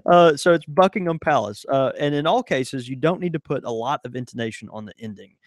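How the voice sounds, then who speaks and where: A man from the American South chats easily on a podcast, his voice sitting at a middle pitch. He laughs readily, and a close mic in a dry room keeps his voice clear. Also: a little fast, no room sound. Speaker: podcast co-host. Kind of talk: casual chat.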